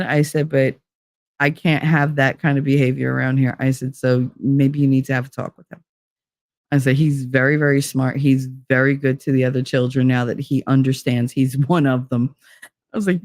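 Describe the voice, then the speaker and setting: Animated storytelling woman, dry close sound. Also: no echo. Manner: animated, acting out quoted voices with big pitch jumps. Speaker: podcast host, former kindergarten teacher. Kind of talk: casual storytelling.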